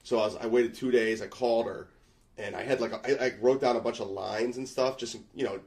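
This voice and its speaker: A middle-aged man, a comedian, telling a long funny story on a podcast in a rapid, animated way. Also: mid-range voice. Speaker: comedian guest.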